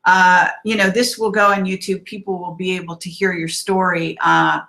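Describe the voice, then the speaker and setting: A woman hosting an online live-stream interview, asking questions haltingly with many fillers. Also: fairly low pitch, little pitch movement, vocal fry, sharp tone, rough recording. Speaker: host.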